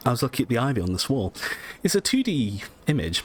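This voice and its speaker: A man's voice: mid-range voice, huge pitch swings, fairly quick, few pauses, a little hiss or hum. A man giving casual let's-play commentary over a video game, chatty and self-deprecating, often stumbling over his words. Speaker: gameplay commentator.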